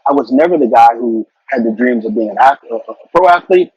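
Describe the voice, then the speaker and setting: A man's voice: medium pitch, lively intonation, brisk, husky, no echo. A middle-aged man, a marketing executive, giving earnest career advice in a casual interview and often repeating words as he talks. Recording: dull, lo-fi sound.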